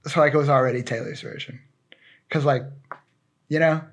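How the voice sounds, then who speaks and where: A man's voice: mid-range voice, fairly even intonation, normal speed. A man co-hosting a podcast in casual chat, joking and rambling with lots of fillers. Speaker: podcast co-host.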